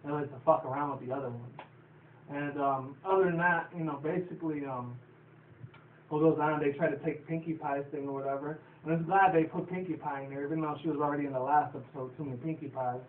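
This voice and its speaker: A man's voice: a little high, steady tone, fast talker, a little hiss or hum. Rambling, profane man on a tinny line. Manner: rambling, profane, laughs often. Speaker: show reviewer. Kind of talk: casual episode recap. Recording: tinny distant phone-like audio in an echoey room.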